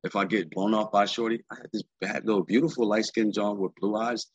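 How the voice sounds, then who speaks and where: A husky, very low-voiced man talks fast and freely as an interview guest. He is streetwise and profane, and he keeps tossing in filler phrases. The sound is dry and a little muffled. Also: fairly even intonation, no echo. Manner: streetwise, profane, rambling with "you know what I'm saying". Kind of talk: candid casual interview talk.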